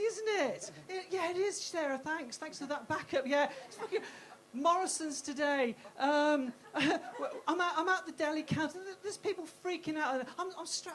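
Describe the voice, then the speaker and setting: On a comedy club stage, a woman with a high, slightly bright, posh-sounding voice performs live stand-up, mocking herself and swearing freely while stumbling over and repeating words. The live club recording carries crowd noise and audience laughter.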